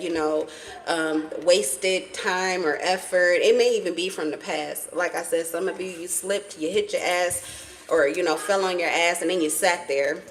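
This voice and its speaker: A woman's voice: fairly low pitch, rough recording. A woman giving a casual tarot reading to her viewers, blunt and profane, with emphatic repetition. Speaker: tarot reader.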